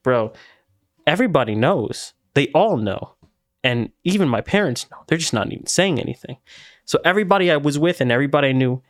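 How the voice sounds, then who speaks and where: A man's voice: mid-range voice, no room sound, clean studio sound. A young man co-hosting a podcast, laid-back and streetwise, dropping slang like "bro". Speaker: podcast co-host. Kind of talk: casual chat.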